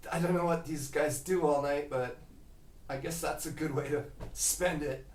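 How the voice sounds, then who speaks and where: A man's voice: fairly high pitch, steady tone, moderate pace, a little hiss or hum. A man telling a casual travel story at home, rambling with lots of fillers. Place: home kitchen. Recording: roomy kitchen, mic at a distance.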